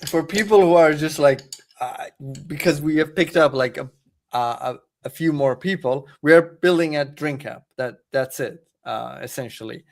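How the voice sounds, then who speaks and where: A man who is new to a coding tool, chatting casually during a screen-share lesson and speaking in a hesitant, halting way. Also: a little high, gravelly. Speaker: beginner learning to code.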